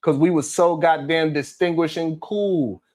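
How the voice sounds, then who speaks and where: Man hosting a live stream with a fairly high voice; blunt, fired-up, swears freely and calls on viewers by name. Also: steady tone, a little slow, a little mellow. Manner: outspoken and heated, swearing often. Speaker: live stream host reading viewer comments. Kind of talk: casual live stream talk.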